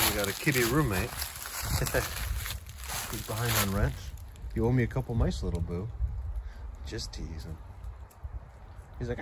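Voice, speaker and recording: A man's voice: on the low side, a little slow, pauses often. A man chatting casually to his cat while walking through backyard woods and fields. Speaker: cat owner vlogger. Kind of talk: casual walk-and-talk vlog. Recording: outdoor background noise in the woods.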